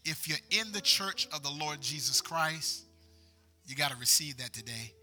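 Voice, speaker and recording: A man's voice: medium pitch, normal speed, bright, forceful tone, faint music behind, low-quality recording. A man preaching, reading scripture and praying, with emphatic repetition that builds. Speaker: pastor. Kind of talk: sermon.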